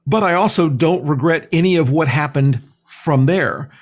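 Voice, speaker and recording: A man's voice: fairly high pitch, normal speed. A man being interviewed as a spiritual healer. He talks in an earnest, rambling way and fills his sentences with "you know". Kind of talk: casual conversational interview.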